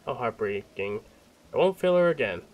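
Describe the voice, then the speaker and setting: A man's voice: medium pitch, big pitch swings, moderate pace, lightly acted. A man reading game dialogue aloud as a stern, vengeful male fish-folk guard, in an accusing, dramatic way.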